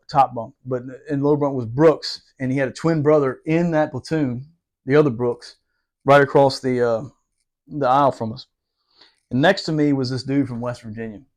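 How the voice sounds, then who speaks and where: A man in his forties, a Marine veteran hosting a podcast, telling stories in casual chat with lots of swearing and laughter. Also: medium pitch. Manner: animated, profane, laughs often while telling stories.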